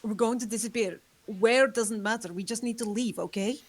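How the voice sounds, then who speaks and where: A woman's voice: a little high, normal speed, a little mellow, a little hiss or hum, close to an everyday voice. A woman reading Ash, an older protective companion hurrying them to flee. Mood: urgent. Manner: urgent, firm.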